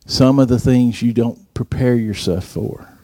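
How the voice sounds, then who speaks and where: Male preacher, storyteller, acts out dialogue, warm tone. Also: medium pitch, a little slow, no room sound, clean studio sound. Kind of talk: sermon.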